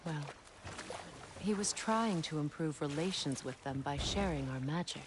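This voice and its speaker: An actress playing a proud, grieving goddess who talks in a sharp, sarcastic way in a video game. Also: female voice, low-pitched, moderate pace, lightly acted. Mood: reflective. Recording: game audio with boat and water noise.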